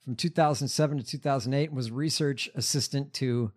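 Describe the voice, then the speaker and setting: A man's voice: mid-range voice, fairly even intonation, brisk, darkish tone. A man co-hosting a casual chat, reading out background facts with hesitant fillers. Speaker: podcast co-host.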